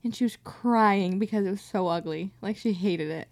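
A woman's voice: mid-range voice, normal speed, darkish tone. A woman co-hosting a podcast, telling a travel story in a chatty, casual way. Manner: chatty, reacts with laughs and short replies. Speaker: podcast co-host. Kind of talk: casual chat.

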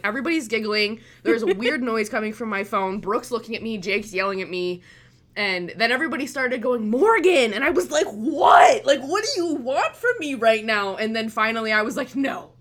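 A young woman telling a story in casual chat, animated, swearing often and laughing through it. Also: medium pitch.

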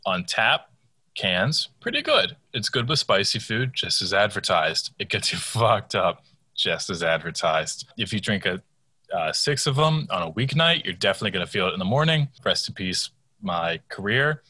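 A man's voice: fairly low pitch, big pitch swings, moderate pace, bright, forceful tone, slightly rough, no echo. A young man co-hosting a podcast, tipsy, rambling and swearing in mock outrage. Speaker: podcast co-host. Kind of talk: casual drunk podcast banter.

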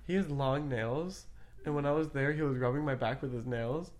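A man's voice: medium pitch, moderate pace, darkish tone. A young man co-hosting a podcast in casual chat, laughing often, swearing and rambling through stories. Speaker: podcast co-host.

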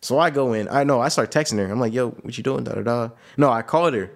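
A man's voice: mid-range voice, fast talker, vocal fry. A young man co-hosting a casual podcast, telling a rambling story with lots of slang and repeated phrases. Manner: animated, slangy, repeats himself. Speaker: podcast co-host.

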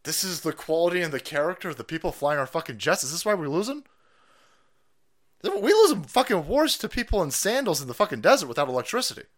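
A man hosting a profane, sarcastic political rant show, breaking into loud mock outrage. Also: on the high side, big pitch swings, fast. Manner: foul-mouthed, sarcastic, shouting in mock outrage. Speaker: political commentary host.

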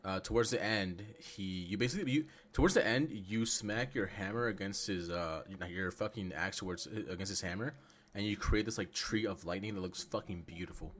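A man co-hosting a casual gaming podcast, blunt and excitable with heavy swearing. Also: sits low, moderate pace. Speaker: podcast co-host.

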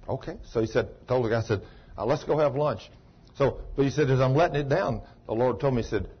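A man's voice: medium pitch, rapid-fire, slightly rough. A man, a pastor preaching a sermon in a folksy way, exclaiming and acting out the dialogue of a story he retells. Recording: muffled lo-fi sermon tape.

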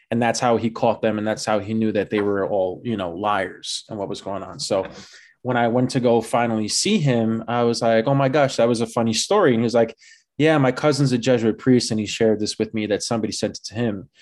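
A man's voice: fairly low pitch, a little mellow. A young man telling a personal story in a casual, chatty way, with many filler words, laughing at himself now and then. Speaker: guest telling his vocation story.

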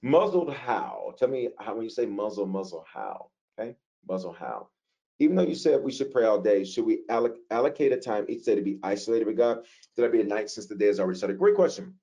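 A male pastor answers questions about prayer in a relaxed teaching session. His voice sits on the lower side, and he talks with the easy, animated pull of a preacher, tossing rhetorical questions back at his listeners. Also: brisk, highs cut off.

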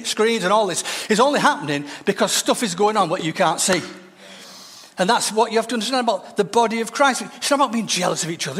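A man with a high, light voice preaches to his church, telling stories and acting out the figures in them. His voice rings out with a long reverb, as though filling a large hall. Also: a bit bright. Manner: storytelling, voices quoted figures with shifts in pitch. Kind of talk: sermon.

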